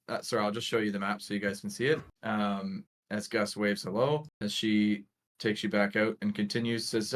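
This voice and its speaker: A man's voice: on the low side, flat delivery, moderate pace, fairly bright tone. A man running a tabletop game as game master, narrating hesitantly with many fillers.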